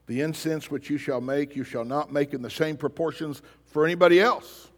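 The sermon comes from a pastor whose voice is fairly high, steady in tone and moderate in pace. He presses the congregation with pointed, emphatic questions, and the church sanctuary adds a large hall's long reverb.

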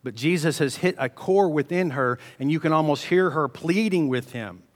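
A man preaching a sermon, telling the story with animated swings between loud emphasis and hushed delivery. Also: fairly high pitch, moderate pace. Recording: long reverb of a large hall.

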